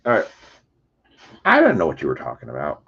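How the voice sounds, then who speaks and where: A man hosting a live card break, chatty and excitable, calling out player names and shouting over big pulls. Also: rumbling low, a little fast, dull audio, a little hiss or hum.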